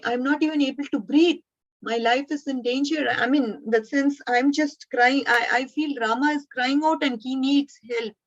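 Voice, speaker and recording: A woman's voice: high-pitched, lo-fi sound. A woman voicing a panicked young princess who pleads breathlessly and urgently, as if she can hardly breathe.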